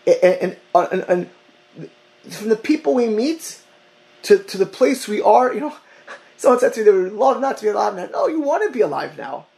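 A man teaching a Torah class over a call, talking in halting bursts, often repeating words and mixing in Hebrew and Yiddish terms. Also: high voice, gravelly, darkish tone, low-quality recording.

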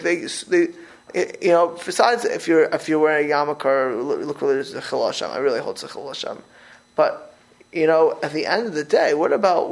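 High, gravelly-voiced rabbi. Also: male voice. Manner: rambling, repetitive, animated storytelling with restarts. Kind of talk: informal Torah talk.

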